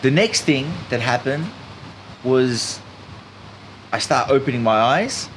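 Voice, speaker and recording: A man telling a story in an animated, emphatic way as a podcast guest. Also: medium pitch, slow pace, a little hiss or hum. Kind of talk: casual storytelling chat.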